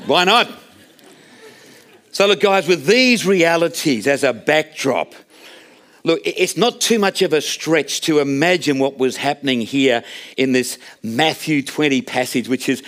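A man's voice: fairly high pitch, expressive, normal speed, a bit bright. A man preaching a sermon in a conversational, storytelling way, often restarting his phrases. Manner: conversational, storytelling, self-correcting.

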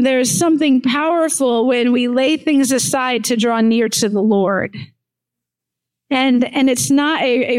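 A woman's voice: high voice, clear, resonant tone, poor audio. A woman pastor, preaching a conversational sermon with frequent laughter. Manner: warm, laughing often, conversational.

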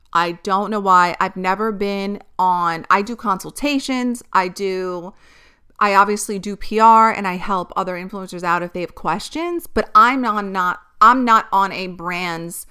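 A woman's voice: medium pitch, pushed and bright, smooth. Blunt, profane woman ranting. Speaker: influencer commentator. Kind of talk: casual commentary vlog.

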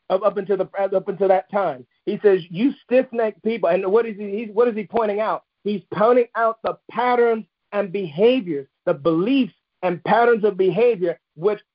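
A man's voice: sits high, dull audio. A man preaching a sermon, emphatic and repetitive, driving points home with restated phrases. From United States.

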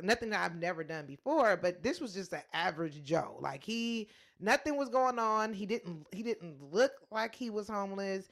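A woman's voice: moderate pace, vocal fry, hardly any pauses. A woman hosting a casual talk show, telling a story and acting out the people in it. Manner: animated, acts out quoted voices in a higher pitch. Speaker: podcast host.

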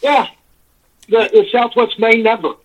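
A man's voice: extremely high pitch, a little slow. A man calling in by phone, telling a long, rambling complaint story, exasperated and swearing freely. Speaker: caller. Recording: tinny phone line.

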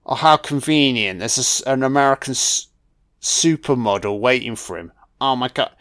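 A man's voice: medium pitch, normal speed, fairly bright tone, dry recording. A man giving casual, irreverent film commentary, sarcastic and swearing constantly. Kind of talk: casual profane movie commentary.

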